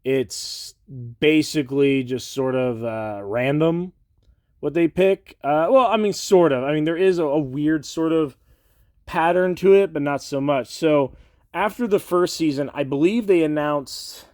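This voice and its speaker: A man's voice: fairly high pitch, measured pace, darkish tone, no room sound, clean studio sound. A man with a cold and a congested, nasal voice, rambling casually and a little hesitantly to the camera indoors. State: has a cold. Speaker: collector vlogger. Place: indoors beside a shelf.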